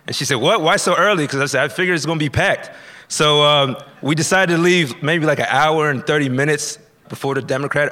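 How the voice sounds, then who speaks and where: A man's voice: mid-range voice, pushed and bright. A man telling a personal story to a live audience in a casual, conversational way, acting out dialogue and using many fillers.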